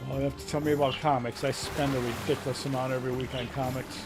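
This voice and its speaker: Middle-aged male streamer with a New Haven accent; easygoing rambling talk, loud game music underneath. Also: mid-range voice, little pitch movement, fast talker. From Connecticut. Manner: rambling, chatty storyteller. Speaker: gaming streamer. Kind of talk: casual chat while playing.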